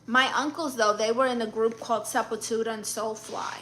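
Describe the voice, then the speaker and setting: A woman's voice: a little high, fairly even intonation, fairly quick, pushed and bright, a little hiss or hum. A woman hosting a casual live stream, reading viewer comments aloud and answering with blunt, sassy comebacks. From Puerto Rican and Guatemalan family.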